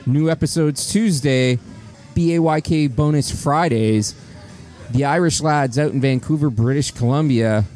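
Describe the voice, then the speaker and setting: A man's voice: on the high side, unhurried, a little mellow, faint music behind. A man co-hosting a podcast, reading out promos in casual, profane, teasing banter. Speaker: podcast co-host.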